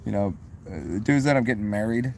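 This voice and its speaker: With a gravelly, lowish voice and a quick pace, a young man runs a casual livestream. He reads comments out loud, keeps starting over as he rambles, laughs a lot, and curses without restraint.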